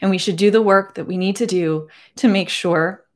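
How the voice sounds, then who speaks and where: A woman in her forties speaking earnestly to camera from her home, emotional and holding back tears, with many halting restarts. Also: medium pitch. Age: 40s. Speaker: beauty vlogger. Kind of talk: personal address to camera.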